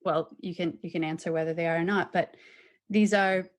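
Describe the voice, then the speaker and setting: A woman's voice: lowish voice, steady tone, a little fast. A woman co-hosting a podcast, asking thoughtful, clarifying questions. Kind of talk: conversational interview.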